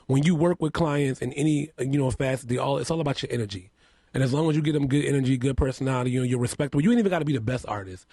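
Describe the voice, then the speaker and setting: A man being interviewed on a radio show in a studio, telling stories about his work with lively energy and acting out what people said. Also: mid-range voice, racing, no echo. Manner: animated storyteller, acts out quotes loudly. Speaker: makeup artist and house mother, guest.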